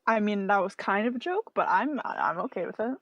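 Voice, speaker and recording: A woman's voice: mid-range voice, lively intonation, brisk, no room sound, muffled recording. A woman taking part as a player in a tabletop game, joking and playful. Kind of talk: tabletop role-play.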